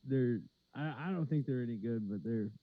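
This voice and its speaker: A man's voice: mid-range voice, moderate pace, slight background noise. Laid-back man on a lo-fi podcast. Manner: laid-back, rambling with many fillers. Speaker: podcast co-host. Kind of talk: casual podcast chat. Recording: slightly dull lo-fi sound.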